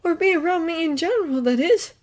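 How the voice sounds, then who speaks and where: Woman doing a hot-tempered teen boy wizard, high strained voice, sarcastic, yelling, storybook reading. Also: expressive, a little fast. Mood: bitter.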